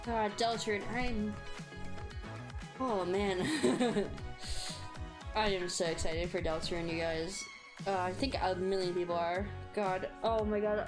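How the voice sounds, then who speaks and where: A woman streamer reacting live to a game showcase, excitable and thinking out loud, laughing often. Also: medium pitch. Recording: game trailer music playing behind.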